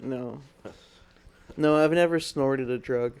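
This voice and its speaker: Podcast dude, mellow low-key voice, rambling casual stories. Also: male voice, takes it slowly, clear, resonant tone. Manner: laid-back storytelling, swears a lot. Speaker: podcast host. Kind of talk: casual chat.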